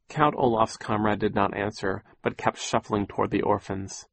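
A man narrating an audiobook in a measured, wry storytelling manner. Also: fairly low pitch, fairly even intonation, gravelly, fairly bright tone, husky, no room sound. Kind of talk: scripted narration.

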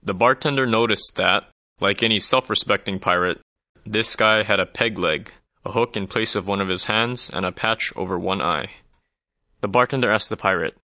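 A man narrating a scripted joke with steady storytelling delivery. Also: fairly low pitch, moderate pace, dry recording. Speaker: joke teller.

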